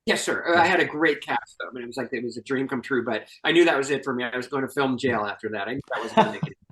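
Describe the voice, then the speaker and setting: An older man with a bright, forceful voice spins lively stories in relaxed conversation. He restarts his sentences and laughs as he goes. His pitch sits in a middle range. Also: rapid-fire, low-quality recording. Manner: animated storytelling with laughs and restarts. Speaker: guest filmmaker. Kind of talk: casual chat.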